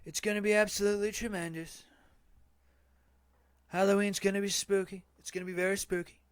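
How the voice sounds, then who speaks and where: A man's voice: high voice, level tone, brisk, clean tone, dry recording, voice pushed up, close to an everyday voice. A man doing an impression of a boastful male politician who turns into a vampire, full of repeated superlatives. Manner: bragging, repetitive superlatives.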